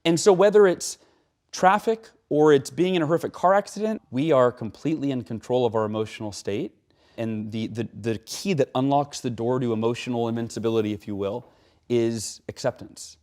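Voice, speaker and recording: Guy talking in an interview, lively, keeps saying right?, mid voice. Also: a little fast. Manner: animated, acts out quotes with rising pitch; frequent "right?" tags. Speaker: guest speaker. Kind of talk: conversational interview.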